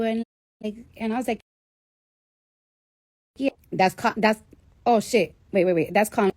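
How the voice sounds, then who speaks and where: A woman's voice: fairly high pitch, lively intonation, a little slow, long pauses, darkish tone, no room sound, studio quality. A woman casually telling a personal story to a live audience, candid and full of swearing. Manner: candid, profanity-laden, chatty. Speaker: livestreamer.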